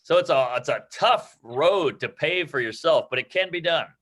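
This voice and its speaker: A man with a bright, forceful voice that sits a little high for a man. He talks brash and quick, swearing freely and mocking himself as he gives stand-up advice to a class. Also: animated. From New York. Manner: brash, rapid, profane and self-mocking. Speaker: guest comedian. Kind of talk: casual advice in an online comedy class.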